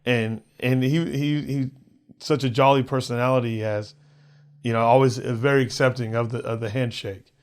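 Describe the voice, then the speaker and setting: A male comedian guesting on a podcast tells a personal story in a relaxed, conversational way, his speech halting and full of repeated words as he acts out other people's voices. His pitch is ordinary for a man, and the tone is clean.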